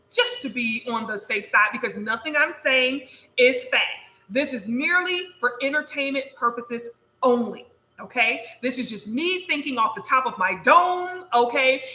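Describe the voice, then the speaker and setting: Lady talking on a spiritual livestream, high bright voice, keeps saying okay, echoey room. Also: expressive, unhurried. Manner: chatty, repeats "okay?", laughs often. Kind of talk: casual livestream talk.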